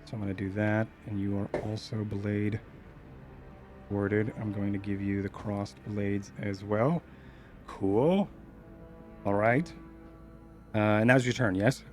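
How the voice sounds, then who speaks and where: A man's voice: lowish voice, steady tone, slow, long pauses, music in the background. A man running a tabletop game as game master, talking in a laid-back, hesitant way.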